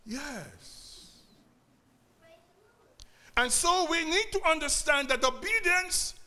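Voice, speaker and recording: A man's voice: very high-pitched, pushed and bright. A man preaching a sermon to his congregation, repeating key phrases and calling out to the church. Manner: preaching with repetition and call-outs to the congregation.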